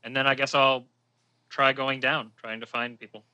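A man playing a tabletop game, speaking in a dry, deadpan, bewildered way. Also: mid-range voice, moderate pace, no echo, muffled recording. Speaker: player.

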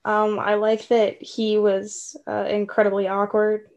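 A woman's voice: mid-range voice, completely flat delivery, measured pace, darkish tone, lo-fi sound. A woman co-hosting a casual chat about a movie, talking in a playful, rambling way full of restarts. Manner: chatty, playful, many likes and restarts.

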